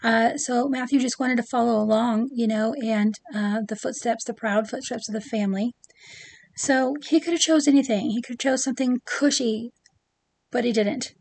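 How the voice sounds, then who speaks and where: A middle-aged woman talks casually to camera about her collection. Her voice sits a little high, and she fills her talk with ums and friendly asides. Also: steady tone, moderate pace, creaky. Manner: chatty and warm, many ums and asides. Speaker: pin collecting vlogger.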